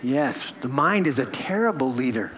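Animated and fairly bright, a mid-range male voice carries a sermon at a moderate pace. The pastor addresses his congregation in a church hall, speaking conversationally and emotionally, laughing often and repeating himself.

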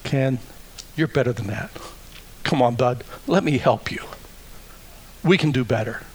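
A man voicing a gentle, encouraging Holy Spirit who speaks softly and kindly, like to a friend. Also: medium pitch, measured pace, a little hiss or hum, close to an everyday voice, rough recording. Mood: coaxing. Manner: soft, coaxing, brotherly.

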